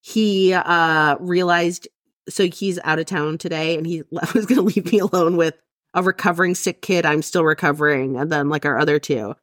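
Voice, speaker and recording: A woman's voice: on the low side, steady tone, normal speed, dry recording, clean studio sound. A woman co-hosting a podcast in casual chat, telling rambling anecdotes and laughing often. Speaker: podcast co-host.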